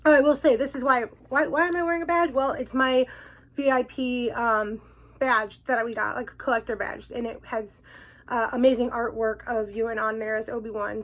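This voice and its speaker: Woman vlogger, bit higher voice, gushy and emotional, laughing through her story. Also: low-quality recording. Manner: gushing and emotional, laughs often between words. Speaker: vlog host. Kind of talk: casual personal storytelling vlog.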